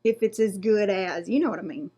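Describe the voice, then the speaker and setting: A woman's voice: mid-range voice, a little fast, mellow. A woman doing a casual beauty unboxing vlog, reading product blurbs aloud and trailing off and restarting as she goes. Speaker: beauty vlogger.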